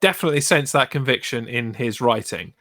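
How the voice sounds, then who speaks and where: A man's voice: mid-range voice, lively intonation, brisk, sharp tone, no echo, studio quality. A man co-hosting a casual podcast, ranting bluntly and swearing a lot. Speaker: podcast co-host.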